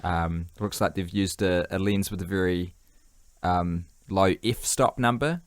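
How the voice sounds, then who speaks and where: A man's voice: sits low, unhurried, no room sound. Tired, jokey New man, dry close mic. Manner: jokey, rambling, swears casually. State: tired and hungry. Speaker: podcast co-host. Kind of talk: casual chat.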